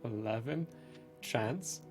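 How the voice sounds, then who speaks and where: A man running a tabletop horror game as game master, calmly narrating and explaining the rules. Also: medium pitch, slow pace, over music. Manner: calm, matter-of-fact rulings and narration.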